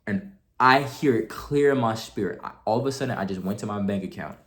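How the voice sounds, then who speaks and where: Brisk and on the low side, this young man recounts a story for his vlog audience, full of slang and energy, performing the quotes as he goes.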